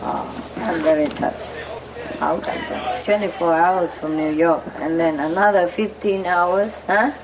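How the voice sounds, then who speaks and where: A woman's voice: on the low side, unhurried. A woman coaxing a pet bird in a sing-song voice, then chatting casually with a visitor. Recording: loud crowd and background noise.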